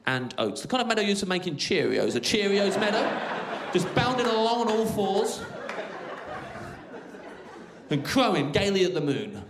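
Stand-up man, high, animated, sardonic rambler, echoey club with a noisy crowd. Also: normal speed, pauses often. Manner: absurd rambling storytelling, sardonic. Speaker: stand-up comedian. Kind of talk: stand-up comedy. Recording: roomy club sound with loud crowd.

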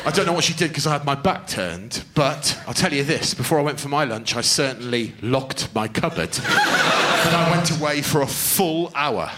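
Stand-up comedian, sweary, high and lively delivery, echoey venue. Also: male voice, moderate pace, background noise. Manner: sweary, animated, laughing. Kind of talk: stand-up storytelling.

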